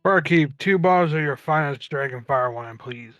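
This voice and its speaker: A man playing a Dragonborn character in a tabletop game, speaking low-key and a bit gruff. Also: normal speed, a bit bright, dry recording, lo-fi sound, faint music behind. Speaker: player. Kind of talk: tabletop role-play.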